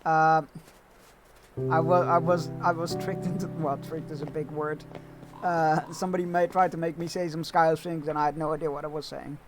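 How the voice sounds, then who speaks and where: A man's voice: on the high side, little pitch movement, brisk. A man streaming a game, chatting casually and reading the game text aloud with asides. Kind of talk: casual let's-play commentary. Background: game music.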